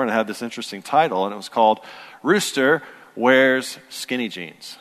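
A man's voice: medium pitch, lively intonation, quick pace. A man in his thirties, a pastor preaching a sermon in a conversational, storytelling way that builds to earnest emphasis. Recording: long hall reverb.

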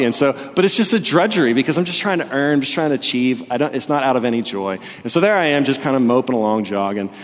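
Young male pastor preaching in a hall. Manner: animated storytelling, gets loud and high when excited. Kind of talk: sermon. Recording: long reverb of a hall.

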